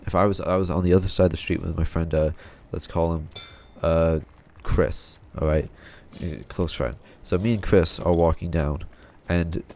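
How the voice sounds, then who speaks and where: Deep-voiced young man venting a story. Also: a little mellow. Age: young adult. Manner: frustrated, rambling, swears often. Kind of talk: casual personal storytelling.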